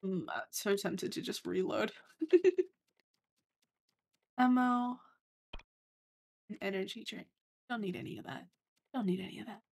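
A woman's voice: medium pitch, measured pace, creaky, long pauses. A woman with an Australian accent streaming a game, commenting casually, swearing often and breaking into sudden yelps and laughs. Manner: excitable, swears a lot, bursts into yelps and laughs.

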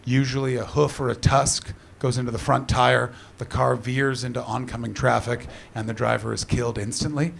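A man voicing a sombre, earnest tow truck driver who speaks slowly and hesitantly, in a live stand-up set. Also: mid-range voice, fairly even intonation, creaky, voice pushed down. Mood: solemn. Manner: slow, hesitant and solemn. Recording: noisy live room with audience laughter.

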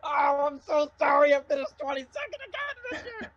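A woman's voice: sits high, very animated, brisk, dull audio, a crowd in the background, pitched above the performer's own voice. A woman putting on a whiny, sobbing young male race driver who pleads and makes excuses.

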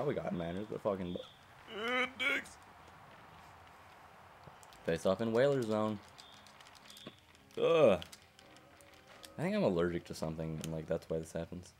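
A man's voice: on the low side, a little hiss or hum. A man bantering casually while playing a hockey video game, swearing often, cracking dry jokes and grumbling that he keeps hiccuping. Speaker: let's play co-host.

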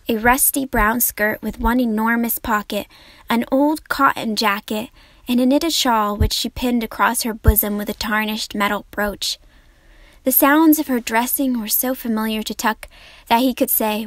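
A woman narrating an audiobook in a measured, storytelling manner. Her voice sits a bit high and sounds dry and close, with no room around it. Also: fairly bright tone, no room sound. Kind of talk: scripted narration.

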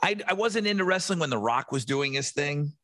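A middle-aged man co-hosting a podcast, joking bluntly and crudely in quick banter. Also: fairly high pitch, lively intonation, sharp tone, dry recording. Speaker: podcast co-host. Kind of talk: casual chat.

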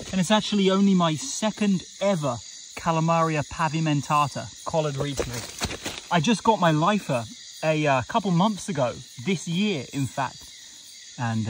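A man's voice: fairly high pitch, poor audio. A man vlogging outdoors at night in a jungle, chatting with enthusiasm about the snakes he finds, with a handheld camera mic. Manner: enthusiastic, chatty, breaks into quiet asides. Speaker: reptile field herper. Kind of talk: casual nature vlog narration. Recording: outdoor night with loud insect noise. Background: insects and crickets at night.

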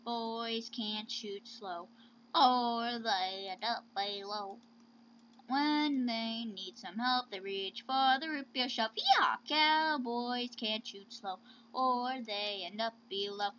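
A woman's voice: sits high, flat delivery, a little fast, hardly any pauses, slight background noise, natural voice. A woman voicing a singing cowboy with a put-on drawl, recorded lo-fi. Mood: sing-song. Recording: dull lo-fi recording.

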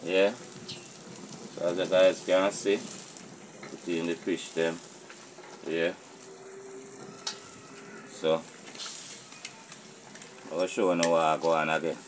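A man with a Jamaican accent hosting a casual outdoor cooking vlog, talking to viewers in a relaxed, patois-flavoured way. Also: sits low, takes it slowly, long pauses, a little hiss or hum. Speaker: cooking channel host. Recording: sizzling pots and clatter behind. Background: frying sizzle and pot clatter.

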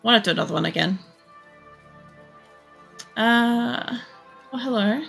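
A woman streamer giving casual, chatty gameplay commentary, swearing freely as she thinks out loud. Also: fairly high pitch, unhurried, vocal fry, soft background music. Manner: chatty and profane, thinking aloud. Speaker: game streamer.

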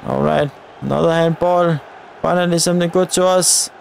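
A man's voice: on the high side, steady tone, moderate pace, creaky, slight background noise. A man giving live commentary over his football video game, urging the on-screen players on and talking to his viewers. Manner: addresses viewers directly. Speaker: gaming channel host.

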